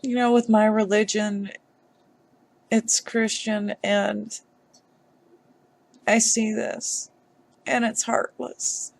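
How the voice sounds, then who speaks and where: Slow, creaky-voiced upset woman vlogger. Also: medium pitch, little pitch movement. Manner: upset, halting, with sighs. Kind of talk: emotional commentary on a news story.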